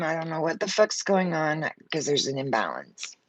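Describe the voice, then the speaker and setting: A woman's voice: sits low, sing-song, moderate pace, hardly any pauses, dry recording, rough recording. A woman giving a live tarot reading, blunt and fired up, swearing freely as she talks. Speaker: tarot reader.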